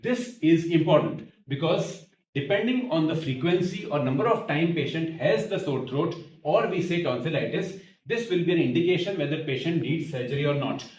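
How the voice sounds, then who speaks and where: A man's voice: fairly high pitch, animated, normal speed, darkish tone, recorded from a distance. A male ENT lecturer, teaching exam history-taking in a methodical way and repeating key terms as lists. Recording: echoey room, voice from off mic.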